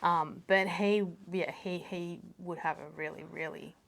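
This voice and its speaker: An Australian woman speaking as a guest on a casual faith podcast, earnest and pausing with fillers as she searches for words. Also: on the low side, fairly even intonation, fairly bright tone, slight background noise.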